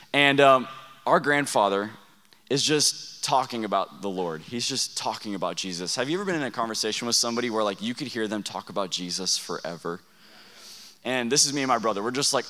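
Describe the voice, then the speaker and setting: A man's voice: fairly low pitch, pushed and bright. A young man preaching to a student camp, telling stories in a conversational way and asking the room questions. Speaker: youth pastor. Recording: long reverb of a large hall.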